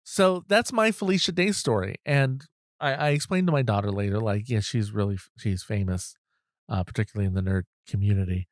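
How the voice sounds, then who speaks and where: A man's voice: fairly low pitch, brisk, dry recording, studio quality. A middle-aged man hosting a podcast, telling a self-deprecating story in a rambling, casual way, restarting his sentences often. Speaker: podcast host. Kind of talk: casual anecdote.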